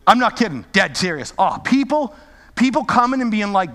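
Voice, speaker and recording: A man's voice: high voice, sing-song, moderate pace, bright, forceful tone, long reverb tail. A male pastor preaching a sermon with impassioned, repetitive exhortations.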